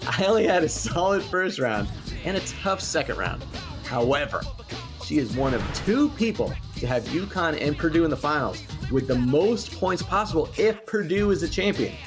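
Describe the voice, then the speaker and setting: A man's voice: fairly high pitch, big pitch swings, moderate pace, over music. A man co-hosting a podcast, bantering casually in a playful, jokey way and laughing often. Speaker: podcast co-host.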